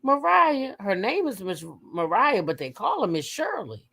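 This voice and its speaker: A woman hosting a casual gossip livestream, talking with her chat, swearing freely and breaking into high shrieks as she retells her reactions. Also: sing-song, a little slow, fairly bright tone. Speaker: livestream host.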